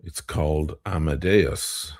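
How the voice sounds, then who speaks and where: A man hosting a casual live stream, talking in a very low, gravelly voice and reading out viewer comments as he chats. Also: slow, a little mellow. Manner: chatty, reads viewer comments aloud.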